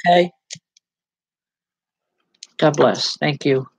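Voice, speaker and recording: A woman giving live spiritual readings as a medium, speaking haltingly with repeated words and a gently reassuring manner. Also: low-pitched, slightly rough, no room sound, low-quality recording. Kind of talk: live online psychic readings.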